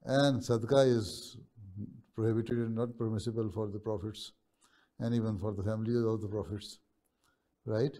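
A man as a religious leader answering students' questions over a video call, speaking in a measured, pausing way and often checking in with "right?". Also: fairly low pitch, fairly even intonation, mellow.

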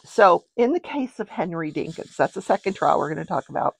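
Older lady rambling through a trial recap, gravelly husky voice, dry close sound. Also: on the low side, animated, brisk, no room sound. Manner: chatty, rambling, with wry asides. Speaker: true-crime show host.

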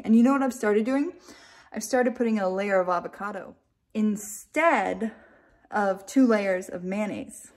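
A woman's voice: mid-range voice, darkish tone, slight background noise. A middle-aged woman vlogging casually from her home kitchen, chatting to her viewers and her pets with self-mocking humor. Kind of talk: casual vlog chat.

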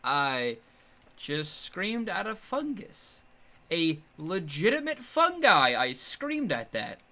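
A man's voice: sits high, very animated, slow pace. Jumpy young man playing a horror game. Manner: jumpy, yelling at the monster, nervous laughs. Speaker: gamer.

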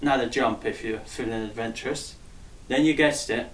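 A man's voice: medium pitch, normal speed, background noise. Jokey man calling out dance steps. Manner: chatty, upbeat, jokey, counts beats aloud. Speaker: dance instructor. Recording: roomy echo, voice far from mic.

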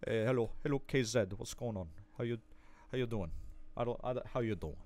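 A man's voice: medium pitch, racing, darkish tone, no echo, voice pushed down, lightly acted. A man doing a goofy put-on voice of a chummy Englishman greeting a friend.

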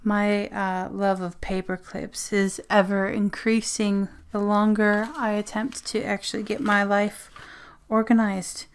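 A woman's voice: medium pitch, level tone, measured pace, smooth. A woman from Australia chatting casually at her desk as she opens mail on her phone camera, gushing, giggling and sometimes dropping to a whisper. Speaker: zine vlogger. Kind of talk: casual unboxing chat. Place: home desk.

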